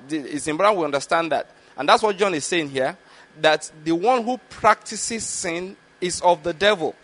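A man teaching from the Bible in a sermon, reading verses slowly and stopping to explain them and check that listeners follow. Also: a little high, fairly bright tone. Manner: slow, deliberate reading of scripture with explanatory asides; repeatedly checks understanding with the listeners. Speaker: preacher.

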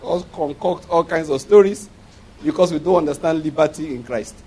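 Male pastor, animated sermon delivery with humorous asides, voice sits a bit high. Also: normal speed, husky, poor audio. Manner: animated, laughing asides, acted-out quotes.

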